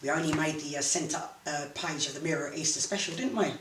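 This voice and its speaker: A woman, a boxing promoter telling animated stories as an interview guest. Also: sits low, brisk. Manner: animated, laughing storyteller. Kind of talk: casual storytelling interview. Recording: echoey room, mic at a distance, faint noise.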